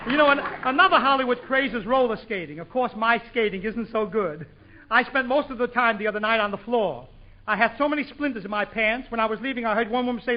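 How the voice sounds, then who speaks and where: A man's voice: very high-pitched, fairly quick, a little hiss or hum. A man hosting a 1940s radio comedy show, punching out jokes in a bouncy, playful way. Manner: bouncy, joke-punching delivery with frequent laughs. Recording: muffled 1940s radio broadcast with studio audience.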